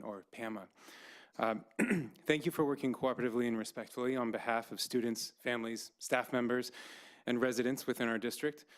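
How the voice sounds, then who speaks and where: A man, an elementary school principal, reading a measured, formal statement to a school board. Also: mid-range voice. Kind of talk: prepared statement read aloud. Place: school board meeting room.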